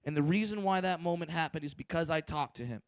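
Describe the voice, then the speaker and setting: Brash, high-voiced comedian. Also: male voice, fast talker, smooth, no room sound. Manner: crude, brash, profane storytelling. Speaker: stand-up comedian. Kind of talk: stand-up comedy set.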